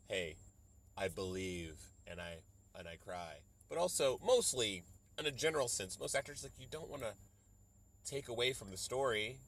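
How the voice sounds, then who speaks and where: A young adult man hosting a solo podcast, rambling and profane as he riffs, slipping into quick mock voices to quote people. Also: lowish voice, fairly bright tone. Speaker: podcast host. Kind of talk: solo comedic podcast rant.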